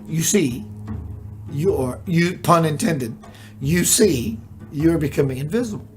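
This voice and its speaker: A spiritual teacher hosts a live stream, speaking slowly and musingly, posing many rhetorical questions and reading viewers' chat comments aloud. The voice is medium-pitched with lively intonation, and faint music plays behind.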